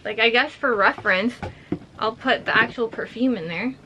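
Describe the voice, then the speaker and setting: A young woman chatting excitedly through an unboxing vlog, a little out of breath and full of "like". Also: fairly high pitch, moderate pace, heavy background noise. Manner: excited, chatty, heavy use of "like". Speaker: vlogger.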